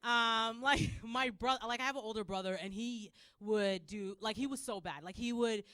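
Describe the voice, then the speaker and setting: A woman performing a stand-up comedy set, rambling and animated, with lots of "like". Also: on the high side, normal speed, no echo. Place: comedy club stage.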